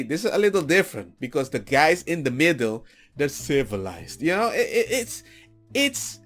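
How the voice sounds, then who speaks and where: A man giving a rambling, animated political rant with mocking asides. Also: high-pitched. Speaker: political commentator. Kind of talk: ranting commentary.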